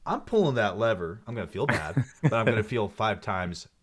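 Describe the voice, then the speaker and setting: A man co-hosting a casual chat reviewing a TV episode, retelling scenes in an animated, conversational way. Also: fairly low pitch, brisk. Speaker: co-host.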